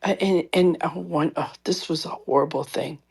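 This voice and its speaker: A woman's voice: deep voice, moderate pace, creaky, husky. A woman co-hosting a podcast, chatting casually and telling stories, acting out other people's voices as she goes. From Latin American heritage. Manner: animated storyteller who acts out other people's voices. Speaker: podcast co-host. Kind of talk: casual chat.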